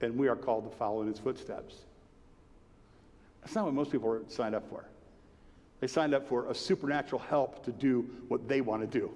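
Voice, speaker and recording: A man preaching a sermon in a conversational, emphatic way, sometimes dropping to a hushed tone. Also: medium pitch, fairly quick. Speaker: pastor. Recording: long hall reverb.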